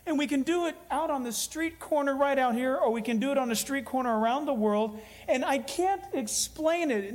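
A man with a fairly high voice, preaching a sermon. He tells stories in an earnest way and draws out the phrases he wants to stress. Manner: earnest, storytelling preacher with emphatic slowed phrases. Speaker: pastor.

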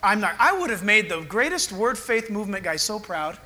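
A man's voice: high-pitched, big pitch swings, fairly quick, bright, forceful tone, a little hiss or hum. A man, a pastor preaching a sermon, telling stories with acted-out voices and laughter.

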